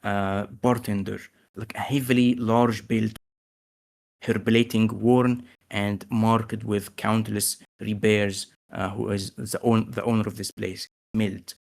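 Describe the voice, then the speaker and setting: A man with a gravelly voice narrating as game master, hesitant with many fillers. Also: fairly low pitch, flat delivery, slow.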